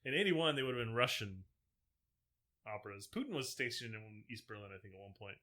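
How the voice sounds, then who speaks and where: Male podcast co-host, bright voice, easygoing with dry asides. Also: fairly low pitch, animated, fairly quick. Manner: laughs often, dry asides. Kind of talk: casual podcast chat.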